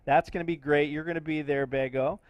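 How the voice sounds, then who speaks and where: A man's voice: on the high side, fairly quick, dry recording, dull audio. Middle-aged man calling live sport. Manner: relaxed, chatty play-by-play with fillers. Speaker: commentator.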